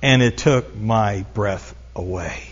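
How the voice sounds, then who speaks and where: A man's voice: on the low side, slow, slightly rough. A middle-aged man preaching a sermon, telling stories and building up to emphatic repetition. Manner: storytelling, rising to emphatic repetition. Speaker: pastor. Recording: dull lo-fi recording.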